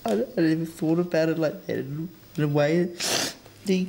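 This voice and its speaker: A man's voice: on the high side, normal speed, vocal fry, dark tone, slight background noise. A man, apologising in a hesitant, stammering way. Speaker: young offender. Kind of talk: halting apology.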